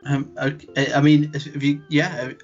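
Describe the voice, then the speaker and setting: A man's voice: a little high, level tone, moderate pace. A man co-hosting a podcast, playing a hesitant, stammering voice actor in a comedy sketch. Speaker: podcast co-host. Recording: dull lo-fi podcast audio with faint music.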